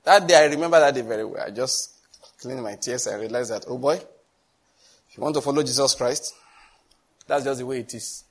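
A middle-aged pastor teaching on prayer gives an earnest, sermon-like testimony, telling stories with chuckles and repeated phrases. His mid-range voice has a breathy edge, moves at normal speed, and pauses often.

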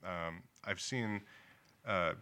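A man with a New England accent and a low, bright, forceful voice speaks very slowly in clean audio. He owns a liquor store and tells his story in a casual interview, laughing easily and acting out quoted dialogue.

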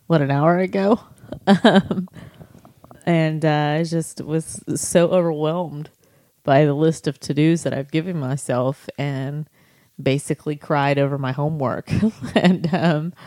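Low-voiced woman telling a story. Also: mellow, no echo, studio quality. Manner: storytelling, many fillers and restarts. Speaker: podcast co-host. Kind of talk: casual faith podcast chat.

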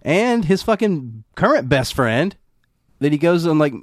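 A man's voice: a little high, sing-song, unhurried, dry recording, clean studio sound. A man co-hosting a podcast, chatting loosely about a film, swearing freely, laughing and acting out lines from it. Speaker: podcast co-host. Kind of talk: casual film discussion.

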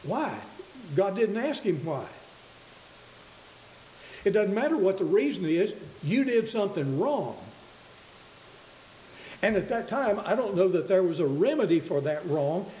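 A man preaching a sermon in an earnest, halting way, often restarting his words, in a church hall. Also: sits high, sing-song, warm tone. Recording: echoey room with faint hiss.

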